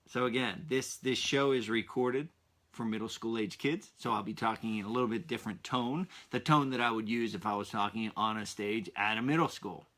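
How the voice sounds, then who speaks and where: Enthusiastic bright-voiced male podcast host. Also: on the low side, fairly quick. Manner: enthusiastic, repetitive, addresses kids directly. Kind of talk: upbeat kids' podcast talk.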